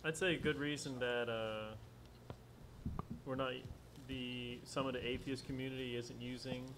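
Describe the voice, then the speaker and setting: A man's voice: mid-range voice, steady tone, normal speed. Hesitant man making a point. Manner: hesitant, lots of ums. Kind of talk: casual panel chat over dinner. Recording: faint room noise, live stream.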